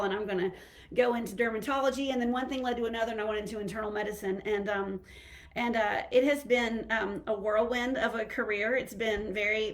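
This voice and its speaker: A middle-aged woman with a Southern American accent, a physician talking casually on a live stream, a little out of breath and rambling with many fillers. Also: on the high side. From Southern United States. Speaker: internal medicine physician hosting a live stream.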